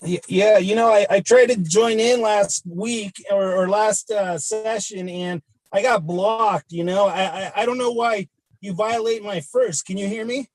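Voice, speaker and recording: A man's voice: high-pitched, measured pace, a little mellow, no room sound, poor audio. A man giving an agitated public comment over a remote call, stammering and repeating himself.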